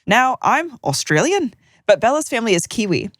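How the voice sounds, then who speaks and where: A woman co-hosting a podcast, reading listener stories aloud with joking, animated banter. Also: fairly high pitch, moderate pace, no echo, clean studio sound. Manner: animated, joking, laughs mid-sentence. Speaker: podcast co-host.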